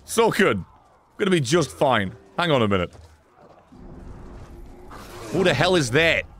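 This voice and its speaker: A man giving sarcastic, excitable let's-play commentary, swearing often and talking back to characters in the game. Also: a little high, a little slow, a little hiss or hum. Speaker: gaming streamer.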